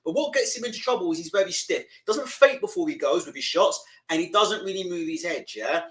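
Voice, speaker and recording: A young man with a fairly high voice chats casually over a live boxing stream. He rambles, swears freely and reads viewers' comments aloud between bits of commentary. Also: expressive, fairly quick, fairly bright tone, poor audio.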